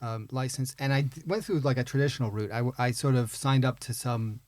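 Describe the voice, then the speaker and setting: A man co-hosting a podcast in a studio, wry and casual, often letting his sentences fade quietly at the end. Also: medium pitch, fairly quick, dry recording. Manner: wry, trails off quietly at phrase ends. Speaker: podcast co-host.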